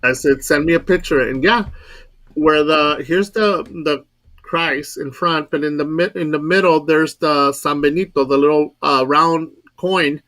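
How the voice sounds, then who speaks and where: A man's voice: a little high, a little slow, a bit bright. A man casually telling a ghost story, rambling and repeating words, acting out quoted dialogue. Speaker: guest storyteller.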